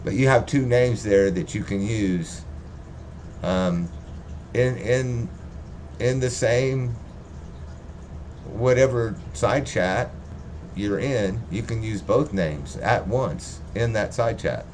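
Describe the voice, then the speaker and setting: A man's voice: on the low side, slow, long pauses, darkish tone, slight background noise. A man rambling casually and profanely on a livestream, joking as he talks. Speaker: livestream host.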